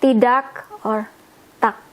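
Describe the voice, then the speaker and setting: Woman tutor, very unhurried, repeats words patiently for learners. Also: on the high side, fairly even intonation. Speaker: language teacher. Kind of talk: slow explanatory language lesson.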